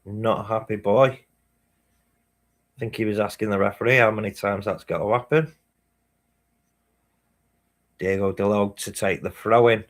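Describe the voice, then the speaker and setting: A man talks loosely through a live football stream, reading out viewer messages between reactions. His voice sits on the low side, and the delivery is casual and unpolished, with the odd swear. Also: fairly even intonation, a little slow, pauses often. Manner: casual, swears, reads chat messages aloud. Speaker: fan channel host. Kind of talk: live match watchalong chat.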